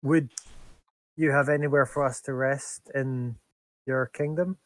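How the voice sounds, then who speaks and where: A man's voice: medium pitch, fairly even intonation, measured pace, dry recording, natural voice. Man voicing a withered proud warrior. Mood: weary, determined.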